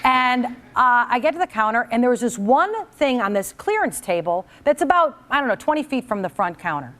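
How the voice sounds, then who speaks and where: A woman's voice: fairly high pitch, fairly quick. A middle-aged woman, a talk show host, telling a comic story in a chatty monologue and speaking straight to her audience. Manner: animated, chatty, addresses the audience directly.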